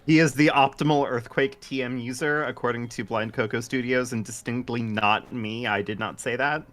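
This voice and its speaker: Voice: mid-range voice, fairly even intonation, normal speed, fairly bright tone, faint music behind. A guest co-commentator on a Let's Play, tossing out dry, teasing quips. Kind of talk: casual gaming banter.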